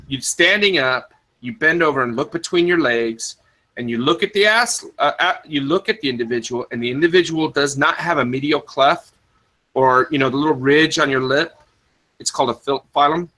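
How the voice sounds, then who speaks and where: This podcast host chats loosely, rambling with many fillers and restarts, and breaks off to answer the live chat, spelling words phonetically. His voice is a little high, bright and forceful at a moderate pace, and the recording quality is low.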